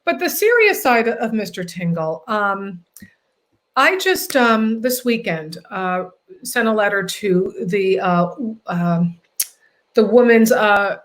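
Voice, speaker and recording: A woman hosting an interview, chatty and animated, telling stories with frequent fillers. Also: medium pitch, slow. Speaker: host. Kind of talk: casual interview chat.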